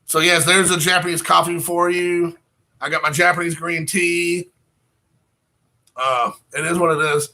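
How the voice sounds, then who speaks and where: A bright, slightly high male voice that rambles through a casual vlog, talking straight to his viewers from home. He jokes at his own expense and hops loosely from one thought to the next. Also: little pitch movement, a little slow, long pauses. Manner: rambling, self-mocking, chatty with viewers. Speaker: channel host.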